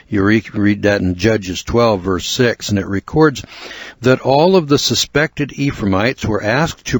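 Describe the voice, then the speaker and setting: An older American man narrating a spoken book review in a measured, earnest lecturing way with asides. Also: medium pitch, no room sound. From United States.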